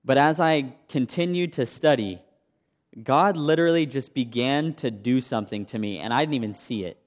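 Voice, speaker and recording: A man's voice: medium pitch, moderate pace. A young man preaching a sermon, sharing his own testimony in a conversational way and asking the congregation questions. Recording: long hall reverb.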